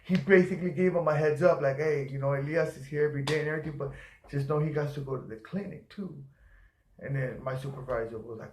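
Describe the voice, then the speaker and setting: A man's voice: on the high side, brisk, slight background noise. A man telling rambling, profane stories in casual chat, acting out other people's voices as he goes. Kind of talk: casual storytelling. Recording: echoey room.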